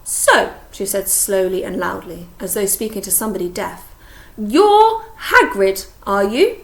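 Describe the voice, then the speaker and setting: A woman voicing a prim, squat, condescending woman official who talks slowly and patronisingly. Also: medium pitch, lively intonation, reverberant. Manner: slow, loud, patronising.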